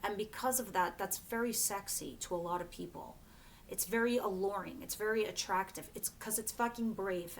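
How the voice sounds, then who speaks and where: Brief: woman tarot reader, casual and emphatic, salty language, faint rumble under her. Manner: chatty and emphatic, swears freely, laughs often. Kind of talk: casual tarot reading to camera.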